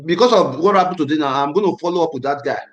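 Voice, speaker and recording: A man's voice: a little high, rapid-fire, echoey room, rough recording. A man hosting a casual livestream, tense and angry, talking emphatically and repeating himself. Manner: emphatic, repetitive, agitated. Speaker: livestream host.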